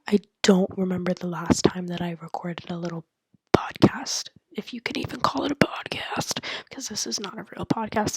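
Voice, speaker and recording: A nineteen-year-old woman rambling candidly into her laptop at home late at night, mostly in a hushed whisper, joking at her own expense. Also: on the low side, normal speed. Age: 19, turning 20. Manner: rambling, candid, self-mocking. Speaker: college student podcaster. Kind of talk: casual late-night monologue. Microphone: laptop mic.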